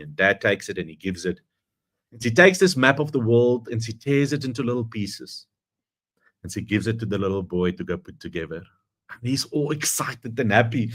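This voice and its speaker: A man speaks in a fairly low voice, delivering a motivational speech with earnest conviction. He tells a story as he goes and leans hard on the phrases he wants to land. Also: expressive, moderate pace, fairly bright tone, breathy edge. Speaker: guest speaker.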